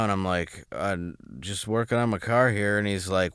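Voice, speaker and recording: A man with a deep, low voice and a Michigan accent tells his stories on a podcast. He laughs a lot and jumps into the voices of the people in each story. The sound is dry and close to the mic. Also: moderate pace, a bit bright, smooth, no echo. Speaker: podcast guest. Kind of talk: casual storytelling.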